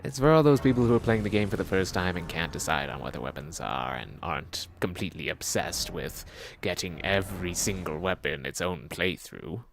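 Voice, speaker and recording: A man's voice: low-pitched, a little fast, vocal fry, a little hiss or hum. A man streaming a video game, rambling and joking as he plays. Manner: jokey, rambling, talking to himself. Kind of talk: casual gameplay commentary.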